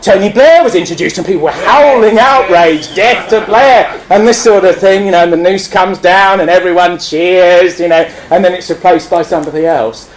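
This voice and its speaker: A man giving a public speech, animated, acting out scenes and laughing. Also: sits high, fairly quick, few pauses, reverberant, poor audio. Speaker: speaker.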